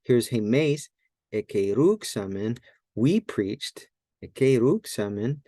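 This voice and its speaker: A man's voice: mid-range voice, animated, slow pace, warm tone, no echo. A man teaching a Greek grammar lesson in a casual, think-aloud way, often correcting himself and using many fillers. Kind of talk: casual screen-share lesson.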